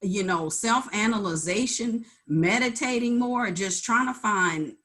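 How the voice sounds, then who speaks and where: A woman's voice: medium pitch, unhurried, a bit bright. Weary, earnest middle-aged woman. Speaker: call participant, artist. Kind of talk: candid group video call. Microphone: video call.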